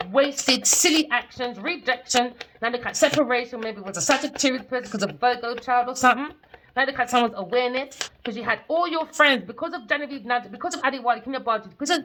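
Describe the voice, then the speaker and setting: A woman's voice: a little hiss or hum, rough recording. Ranting, profane woman reading tarot. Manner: swings between loud outbursts and low mutters. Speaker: tarot reader.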